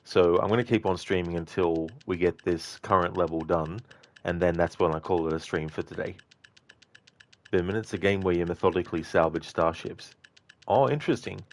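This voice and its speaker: Talking a little quickly in a low-pitched voice, this gamer chats casually while streaming, reading viewer messages aloud, laughing easily, and using plenty of fillers.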